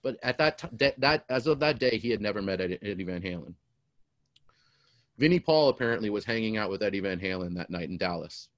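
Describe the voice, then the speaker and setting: Storyteller, middle-aged man, animated and rambling, dry close sound. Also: lowish voice, fast talker, dry recording. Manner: animated, rambling, repeats words. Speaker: storyteller guest. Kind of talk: casual storytelling.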